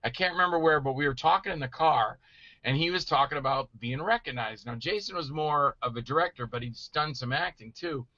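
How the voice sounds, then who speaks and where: A middle-aged man telling stories in casual chat, animated and acting out voices he quotes. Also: on the high side, a little fast, no room sound, dull audio. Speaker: guest actor telling stories.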